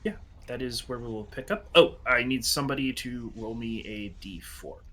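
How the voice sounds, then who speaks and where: A man's voice: mid-range voice, moderate pace, bright, forceful tone. A man narrating a tabletop game as dungeon master, hesitant and full of fillers.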